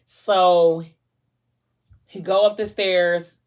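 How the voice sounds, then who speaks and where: Animated woman retelling a story. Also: lowish voice, very slow. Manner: animated storytelling, acting out characters' lines. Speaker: vlogger. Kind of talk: casual mukbang chat retelling a novel. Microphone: camera mic.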